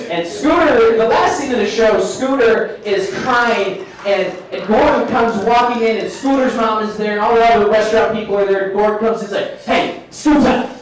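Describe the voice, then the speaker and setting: High-voiced man doing stand-up in an echoey bar. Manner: self-deprecating, chatty with the crowd. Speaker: stand-up comedian. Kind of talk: live stand-up set. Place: bar stage with a live audience. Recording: echoey bar room from a distance.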